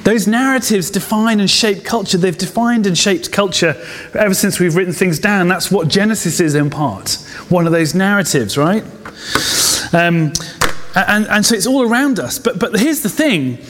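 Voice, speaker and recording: A pastor in his thirties with a high-pitched voice, preaching in a loose, chatty way. He breaks into asides and quick laughs, and the hall around him adds a long reverb tail. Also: lively intonation, fairly bright tone, slight background noise. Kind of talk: conversational sermon.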